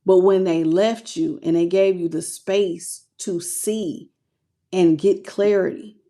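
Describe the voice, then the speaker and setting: A woman's voice: on the low side, steady tone, takes it slowly, dark tone. Slangy, emotional woman tarot reader. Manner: emotional, slangy, talks straight to viewers. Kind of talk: casual tarot reading to camera.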